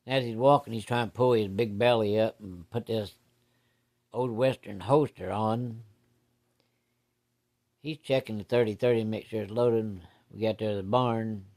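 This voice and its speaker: A man's voice: lowish voice, steady tone, normal speed, a little mellow. A man telling a personal story from his childhood in a rambling, folksy, plain-spoken way.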